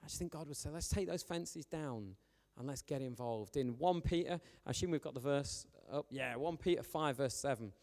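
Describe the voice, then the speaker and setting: A man's voice: medium pitch, moderate pace, darkish tone. A man preaching a conversational sermon, full of "like" fillers, acting out the voices he quotes. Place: church hall. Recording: church hall with long reverb.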